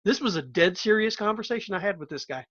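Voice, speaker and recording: A man's voice: high voice, animated, quick pace, fairly bright tone, highs cut off. A male podcast host in casual chat, telling a story in a playful, loose way.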